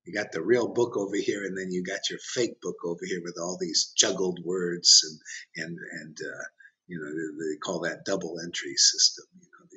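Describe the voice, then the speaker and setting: With a low voice and a sharp tone, a man preaches as a spiritual teacher, challenging his audience head-on in a fiery, provocative sermon. The recording is dull and lo-fi.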